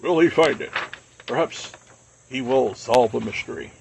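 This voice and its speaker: A man putting on the voice of a grave male mystery-show narrator, announcing slowly and dramatically. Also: medium pitch, vocal fry, background noise, lightly acted. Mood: ominous. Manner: slow dramatic announcing, loud and raised.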